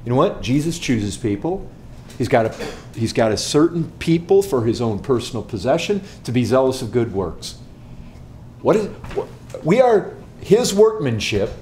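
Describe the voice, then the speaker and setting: Male pastor, mid-pitched, emphatic teaching to a group, rhetorical questions, faint background noise. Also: big pitch swings, moderate pace, a little mellow. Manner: emphatic, repeats words, asks rhetorical questions. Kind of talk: answering a question before a group.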